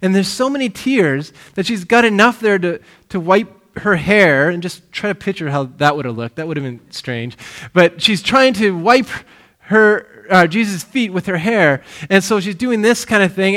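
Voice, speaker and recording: A man as pastor, giving a casual, animated sermon with frequent restarts and loud and quiet swings. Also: high-pitched, normal speed. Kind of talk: conversational sermon.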